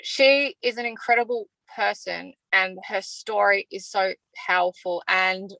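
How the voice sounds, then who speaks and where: A woman's voice: mid-range voice, steady tone, unhurried, gravelly, bright, forceful tone, no room sound, poor audio. An Australian woman answering interview questions openly and from the heart, talking freely about how she feels. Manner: open and heartfelt, talks freely about feelings. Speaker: evicted reality show contestant.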